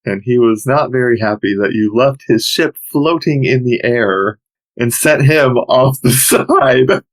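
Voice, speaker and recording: A man narrating as game master, relaxed and laughing often. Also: mid-range voice, measured pace, rough recording.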